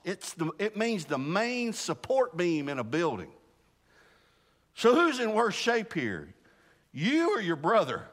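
Animated preacher man in a hall. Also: on the high side. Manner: animated, repeats and restarts, laughs at himself. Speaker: pastor. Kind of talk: casual sermon Bible study.

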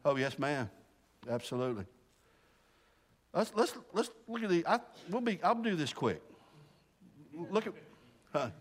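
A man preaching an informal Bible study with a lively, swooping delivery. He talks fast, restarts his sentences and chuckles at his own slips. His voice rings with a long reverb from the hall. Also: on the high side. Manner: animated, repeats and restarts, laughs at himself. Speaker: pastor. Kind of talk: casual sermon Bible study.

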